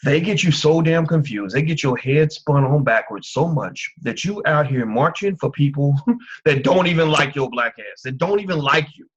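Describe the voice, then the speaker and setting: A comedian on stage yelling and taunting a heckler with heavy profanity. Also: male voice, fairly high pitch, expressive, moderate pace, breathy edge, dull audio. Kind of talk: onstage confrontation with a heckler. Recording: distant club audio played from a clip.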